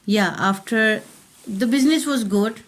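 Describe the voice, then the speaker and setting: Woman, from Pakistan, interview, personal story, halting, restarts phrases. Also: medium pitch. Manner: plain, halting, with many restarts.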